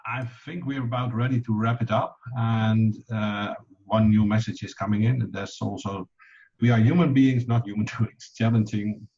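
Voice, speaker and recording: Relaxed man on a dull video call. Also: on the low side, normal speed, gravelly, slight background noise. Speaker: webinar co-host. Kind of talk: casual webinar talk.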